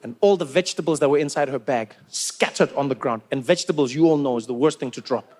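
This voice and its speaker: A man with a South African accent performing a stand-up comedy set, telling animated stories with lots of repetition. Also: mid-range voice, fast.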